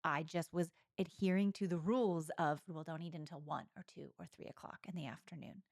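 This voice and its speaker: A woman's voice: low-pitched, steady tone, a little fast, darkish tone, no room sound, studio quality. A woman co-hosting a podcast, speaking openly and reflectively in an intimate conversation. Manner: open, reflective, candid. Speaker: podcast co-host.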